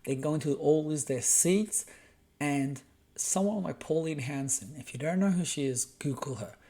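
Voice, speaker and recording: A man's voice: fairly high pitch, lively intonation, normal speed, mellow. An Australian man hosting a podcast, delivering a heated, profane solo rant. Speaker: podcast host.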